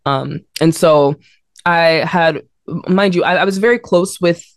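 A woman guest in a conversation, telling a personal story with frequent restarts and laughter, jumping up in pitch to act out what people said. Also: unhurried, no room sound, clean studio sound. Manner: animated, acts out quotes in a higher voice, frequent restarts and laughter. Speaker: interview guest.

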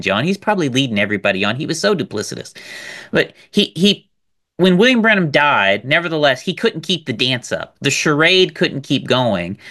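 A man co-hosting a podcast, talking in an animated, emphatic way and repeating words as he builds a point. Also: medium pitch. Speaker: podcast co-host. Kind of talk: casual podcast discussion.

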